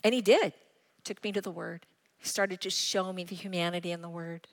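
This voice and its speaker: A woman's voice: on the low side, fairly even intonation, fairly quick. A middle-aged woman pastor preaching a sermon, telling personal stories in an earnest way. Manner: personal, earnest storytelling with acted quotes. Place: church. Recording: long reverb of a church hall.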